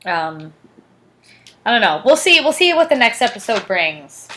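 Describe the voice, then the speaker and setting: Young female co-host, higher-pitched and animated, giggly casual recapper. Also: measured pace, poor audio. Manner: giggly, lots of fillers and laughs. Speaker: podcast co-host. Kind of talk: casual chat recapping a TV episode.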